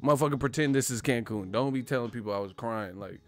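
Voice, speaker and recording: Animated, joking man. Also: mid-range voice, fast. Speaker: boxing commentary host. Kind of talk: casual chat.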